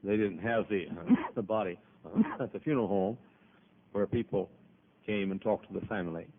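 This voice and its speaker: A man's voice: fairly low pitch, normal speed. A man preaches a sermon over a PA microphone, talking in a folksy, emphatic way and stopping often to cough. The audio is narrow and tinny, like a phone line. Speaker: pastor. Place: church auditorium with PA system.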